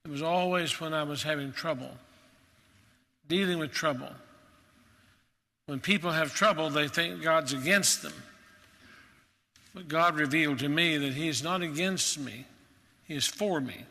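Bright-voiced preacher in a long-echo hall. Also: male voice, a little high, normal speed, long pauses. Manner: earnest, emphatic pulpit delivery. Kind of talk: sermon.

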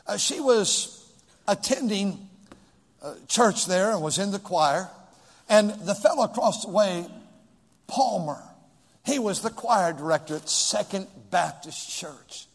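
A high-voiced man preaching from the pulpit, his sermon echoing with a long reverb through a church hall. He lurches between loud, shouted pleading and soft, hushed prayer, keeping the congregation close. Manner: swings from shouted pleas to hushed, near-whispered prayer. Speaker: pastor. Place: church sanctuary.

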